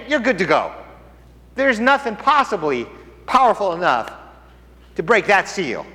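A man preaching a sermon, emphatic and animated, asking the congregation questions as he teaches. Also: sits high. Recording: hall reverb.

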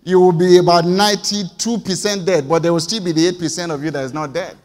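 A man preaching a sermon, firing off rhetorical questions and swinging between loud outbursts and quiet asides. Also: high voice, steady tone, fast, big-room sound.

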